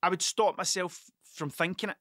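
A Scottish man hosts his podcast in a loose monologue, swearing constantly and losing track of his point before circling back. His voice is bright and forceful. The sound is dry and close, with no room echo. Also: sits high, normal speed. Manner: rambling, heavily profane, self-interrupting. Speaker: podcast host. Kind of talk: casual monologue.

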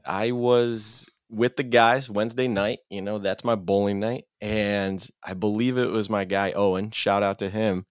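A man's voice: lowish voice, steady tone, a little slow, few pauses, clean tone, dry recording, studio quality. A man co-hosting a casual sports podcast, chatting in an easygoing way and telling stories. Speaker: podcast co-host.

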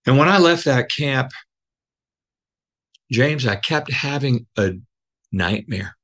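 A man guest telling a personal story, earnest and emotional, halting with many fillers and restarts. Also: medium pitch, animated, fairly bright tone. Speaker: podcast guest.

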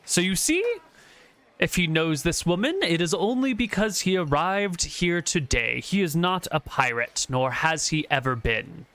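A man's voice: on the high side, lively intonation, a little slow, fairly bright tone. A man narrating a tabletop game as game master, talking loosely with fillers.

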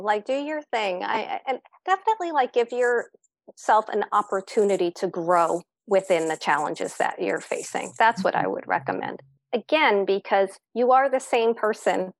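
A woman's voice: medium pitch, gravelly, no echo. A woman speaking as a podcast guest, reflective and encouraging in casual conversation, with many fillers.

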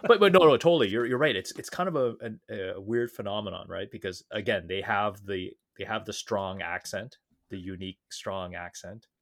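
A man co-hosting a podcast in casual chat, talky and quick to laugh, with plenty of fillers and restarts. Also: lowish voice, fairly bright tone. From Canada. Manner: chatty, laughs often, many fillers and restarts. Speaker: podcast co-host.

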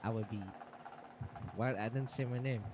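A man's voice: medium pitch, steady tone, normal speed, darkish tone, a little hiss or hum. A young man hosting a casual podcast, giggling and restarting his introduction. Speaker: podcast host.

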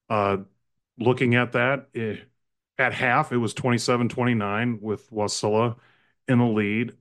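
A man co-hosting a sports podcast, chatting excitedly about high school games and often correcting himself mid-sentence. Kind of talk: casual sports talk.

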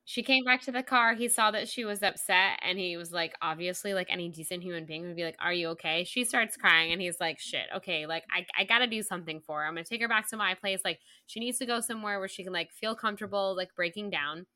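A woman's voice: on the low side, fast, hardly any pauses, sharp tone, no echo. A woman co-hosting a podcast, gushing in chatty, casual talk full of "like". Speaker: podcast co-host. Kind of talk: casual book-club chat.

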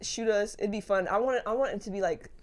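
Quick-talking, blunt joking woman. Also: mid-range voice, a little mellow. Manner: blunt, profane, joking, laughs often. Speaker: podcast co-host. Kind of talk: casual chat.

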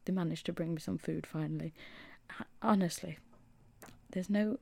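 A woman's voice: lowish voice, moderate pace, vocal fry, a little mellow, husky, no echo. A young Englishwoman hosting a casual podcast, telling a story, feeling shaky and unwell, with drops into whispers. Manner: chatty storytelling, dips into whispers for quoted asides. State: shaky, unwell after hospital. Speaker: podcast host. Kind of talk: casual solo chat.

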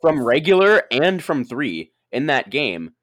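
A man's voice: medium pitch, big pitch swings, a little slow, dry recording. A young man in a heated casual sports argument, insistent and repeating his points. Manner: insistent, reciting stats, repeats himself. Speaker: debater.

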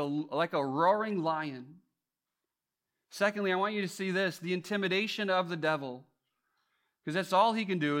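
Bright, animated preaching man. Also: high voice. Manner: animated storytelling, swinging from loud to hushed; frequent restarts and repeated words. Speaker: pastor. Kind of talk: sermon.

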